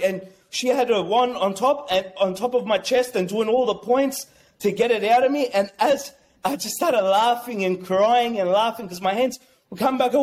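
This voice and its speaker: A man with a high-sitting voice tells a personal story in a rambling, excited way. He swears freely and acts out what others said. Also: moderate pace. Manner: acts out quotes. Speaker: guest. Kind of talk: casual storytelling.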